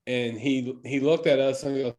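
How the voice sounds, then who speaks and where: A man's voice: mid-range voice, steady tone, moderate pace, a little mellow. Laid-back chuckling podcast guy. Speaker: podcast co-host. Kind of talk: casual chat.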